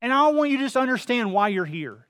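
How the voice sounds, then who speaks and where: High-voiced male preacher, dry close sound. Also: big pitch swings, fast talker, a bit bright, clean tone, no echo. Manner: preaching with rising intensity, acting out quoted voices. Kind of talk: sermon.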